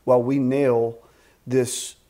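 A man in his fifties, executive director of a ministry camp, telling stories in an animated way in a casual interview. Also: mid-range voice, slow. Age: 50s. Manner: animated storyteller with frequent restarts and faith talk. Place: a house at a rural camp.

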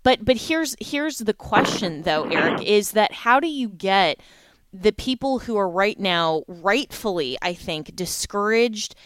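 A woman's voice: medium pitch, expressive, unhurried, a bit bright. A woman hosting a talk show, earnest and pointed as she questions her guest.

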